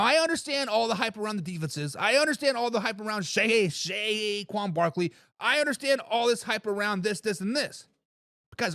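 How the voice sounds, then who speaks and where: Brief: high-voiced male sports-stream host, bouncy and excitable, teasing his chat, dry close sound. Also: dry recording. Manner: excitable, laughs and repeats himself, teases commenters. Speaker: sports talk show host. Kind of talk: live-stream chat reading viewer comments.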